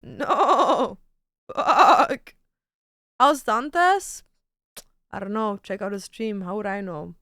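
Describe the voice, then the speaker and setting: Bright, playful young woman streamer. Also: medium pitch, drawn-out words, long pauses, dry recording, studio quality. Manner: playful, crude, laughs a lot. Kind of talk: casual livestream chat.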